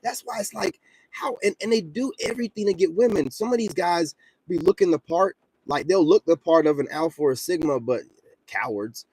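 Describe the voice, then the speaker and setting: A man's voice: on the high side, animated, brisk, darkish tone, slightly rough. A man, ranting bluntly and confrontationally in casual talk, peppered with repeated filler asides. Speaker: commentator vlogger. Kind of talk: casual rant to camera.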